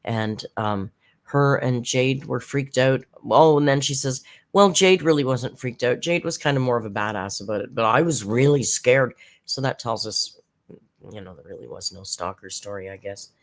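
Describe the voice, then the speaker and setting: A casual commentary host talking through a recap at a mid-range pitch. The delivery is chatty and sarcastic, full of mocking asides. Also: moderate pace.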